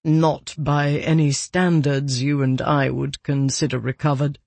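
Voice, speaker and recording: A man's voice: a little high, level tone, a little slow, vocal fry, a little mellow, no echo. A narrator voicing a grave, reserved aristocratic man in an audiobook.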